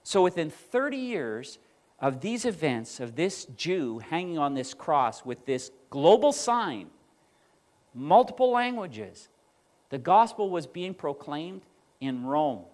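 A male pastor preaching a sermon, telling stories and quoting others with animated emphasis. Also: fairly high pitch, slow pace.

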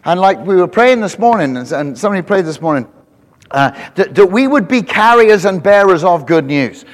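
A man preaching a sermon to a congregation, telling animated stories with frequent restarts. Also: high voice, normal speed. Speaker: pastor. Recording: long hall reverb.

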